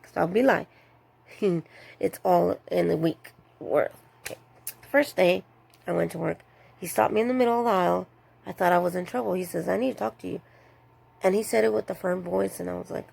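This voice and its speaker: Woman with a raspy fry in her voice, chatty vlog, does the voices of people at her store. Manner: animated, acts out others' lines with higher pitch. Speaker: retail store worker. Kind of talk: casual storytelling vlog.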